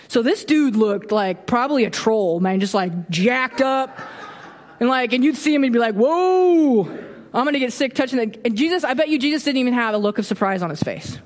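Woman preaching casually in a reverberant church. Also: a little high. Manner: animated, acts out quoted reactions, self-deprecating humor. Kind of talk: casual conversational sermon. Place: church sanctuary. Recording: long hall reverb.

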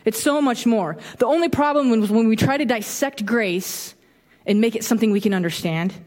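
A woman in her thirties giving a casual, animated sermon, acting out quoted reactions with a bit of humor. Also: on the high side, fairly quick. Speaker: preacher. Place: church sanctuary. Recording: long hall reverb.

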